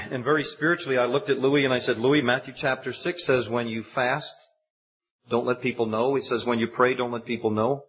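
A man preaching a sermon, telling a personal story and building to high, emphatic exhortation. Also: fairly even intonation, brisk. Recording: dull lo-fi recording.

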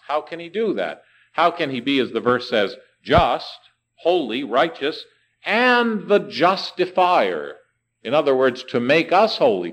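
Male preacher, sermon delivery, animated pitch, rhetorical questions. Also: rough recording. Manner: rhetorical questions, slows down to stress words.

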